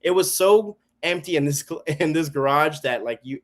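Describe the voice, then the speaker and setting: Guy guesting on a podcast, kinda high voice, tells stories all worked up and does everyone's lines. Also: moderate pace. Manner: animated storyteller, acts out quoted people. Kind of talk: casual chat. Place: home garage studio.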